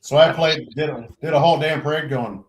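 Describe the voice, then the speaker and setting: Fairly quick and on the high side, a middle-aged man on a podcast crew recounts service stories with a little hiss or hum in the background. He curses freely, performs what people said with animation, and rambles through frequent restarts and "you know"s.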